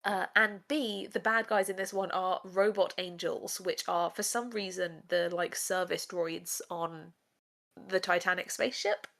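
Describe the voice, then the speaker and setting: Gravelly-voiced woman in chatty review. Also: fairly low pitch, measured pace. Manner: chatty, animated, with fillers. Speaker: podcast co-host. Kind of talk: casual discursive review chat.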